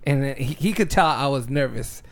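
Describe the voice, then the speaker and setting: A man co-hosting a podcast, telling a personal story with lively acted-out dialogue and frequent laughter. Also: mid-range voice, normal speed, vocal fry. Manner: animated storyteller, acts out dialogue, laughs often. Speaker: podcast co-host. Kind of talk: casual chat.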